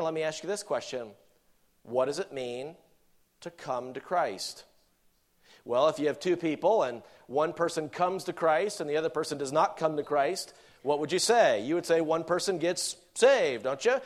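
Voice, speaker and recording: Middle-aged male preacher with a high voice, animated and questioning from the pulpit. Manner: animated, rhetorical questions, laughs often. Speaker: pastor. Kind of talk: sermon.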